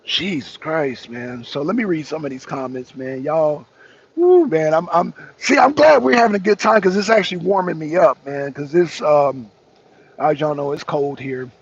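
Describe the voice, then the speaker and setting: A man's voice: on the high side, moderate pace, breathy edge. A man hosting a talk show, riffing casually to his viewers, rambling and repeating himself, laughing often and using slang. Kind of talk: casual political commentary to viewers. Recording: dull lo-fi recording.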